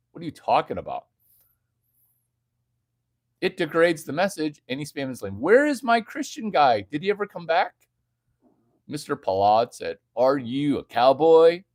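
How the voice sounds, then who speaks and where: A male livestream host reads the chat aloud and riffs on it provocatively and mockingly. His pitch is medium, and the sound is clean studio audio with no echo.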